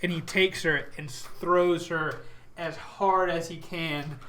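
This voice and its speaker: A man narrating a tabletop battle as dungeon master, with a slightly high voice. He lays out brutal, gory action in vivid detail and keeps breaking into laughter. There is a faint hiss behind him. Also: steady tone, slow pace, pushed and bright.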